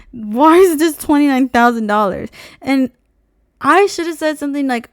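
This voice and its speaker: A young woman vlogger telling a story in an exasperated, profane, animated rant. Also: high voice, a little slow, pauses often, no echo, clean studio sound.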